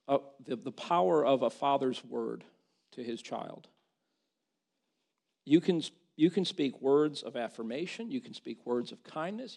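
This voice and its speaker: A man's voice: medium pitch, creaky, a little mellow. A man preaching a sermon, reading scripture aloud and repeating words as he builds to impassioned, rising emphasis.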